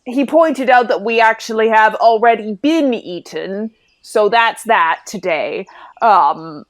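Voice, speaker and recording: A woman's voice: fairly high pitch, slow. A woman player in a tabletop role-play game, talking in a rambling, giggly way with many restarts. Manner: rambling, giggly, self-interrupting.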